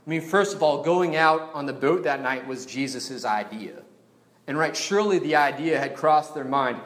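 A man's voice: a little high, normal speed. Conversational preacher man in an echoey room. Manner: conversational, animated, asks rhetorical questions. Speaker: pastor. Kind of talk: sermon.

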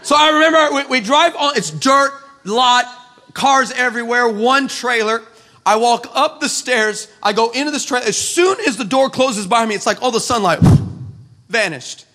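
Sarcastic, high-voiced young preacher. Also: male voice, moderate pace, some chatter behind. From El Paso, West Texas, USA. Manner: animated, sarcastic, stammering restarts. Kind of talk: comic storytelling sermon. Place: church.

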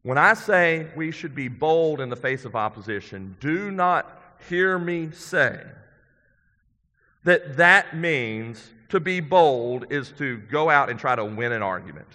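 Man, pastor, sermon, slightly high voice, bright tone, earnest and emphatic, long hall echo. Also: lively intonation, slow pace. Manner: earnest, conversational preaching with emphatic swells and quiet drops.

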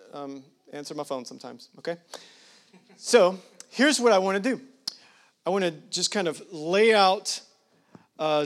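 A man preaching a sermon as pastor, talking casually with digressions and leaning hard on statistics. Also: fairly high pitch. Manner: conversational, digressing, emphatic on numbers.

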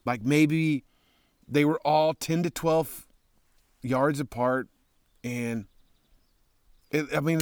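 A man from Texas, a motorcycle traveler, telling a rambling, profane travel story in a casual, excitable way. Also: mid-range voice, no echo.

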